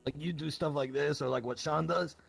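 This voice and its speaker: A man guest talking in a deep, gravelly throat voice in a laid-back, swearing casual chat over a VR headset mic. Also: steady tone, fairly quick. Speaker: guest, streamer.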